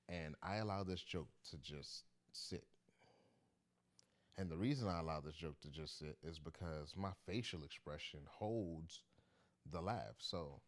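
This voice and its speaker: A man who does stand-up comedy, telling a story in a loose, chatty, slangy way. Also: very deep voice. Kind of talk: casual storytelling to camera.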